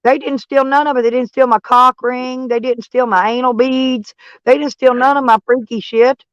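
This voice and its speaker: A woman's voice: high-pitched, steady tone, moderate pace, dry recording, lo-fi sound. A woman hosting a casual livestream chat from her van, blunt and crude, laughing often. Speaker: livestream host.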